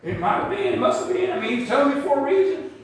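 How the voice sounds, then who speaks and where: A man preaching a sermon to his church, shouting at the peaks and drawing out his calls. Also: very high voice, big pitch swings, very fast. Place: church sanctuary. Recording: very echoey church hall.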